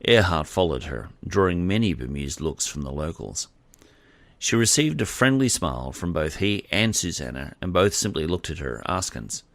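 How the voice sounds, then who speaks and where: Deep-voiced man narrating an audiobook. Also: very animated, normal speed, fairly bright tone, dry recording.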